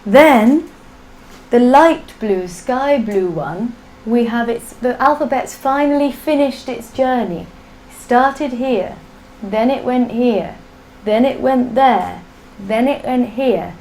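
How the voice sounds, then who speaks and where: A woman's voice: on the high side, takes it slowly, darkish tone, a little hiss or hum, low-quality recording. A woman teaching a live online language class, drilling sounds patiently for students to repeat. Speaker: Sanskrit teacher.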